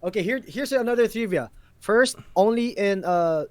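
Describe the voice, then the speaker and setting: A man who is a martial arts coach, speaking as a guest in a casual chat, asking halting, hesitant questions. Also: sits high, lively intonation, a little mellow, no room sound.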